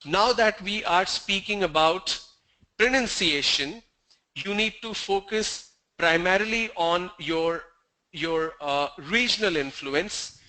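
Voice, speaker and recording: A male teacher with a high, bright voice gives an online pronunciation lesson over a video call. He talks slowly and deliberately, stopping to ask the class questions and going back over key points. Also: rough recording.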